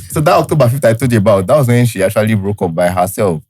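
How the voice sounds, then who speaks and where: A young man with a Nigerian accent, telling a personal story as a podcast guest in animated, laughing chat. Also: fairly low pitch, very fast, hardly any pauses, a little hiss or hum.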